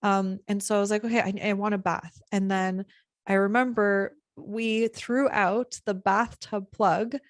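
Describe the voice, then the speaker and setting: A young woman hosting a podcast, telling a story in a lively, casual way and acting out what people said. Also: medium pitch, measured pace, dry recording, studio quality. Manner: animated, acts out quoted lines with laughter. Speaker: podcast host.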